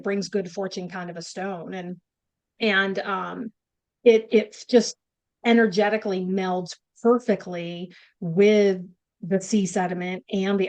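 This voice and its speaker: A woman from upstate New York with a Northern accent, co-hosting a rambling, chatty conversation. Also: medium pitch. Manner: chatty, rambling, many restarts and fillers. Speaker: podcast co-host. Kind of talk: casual chat.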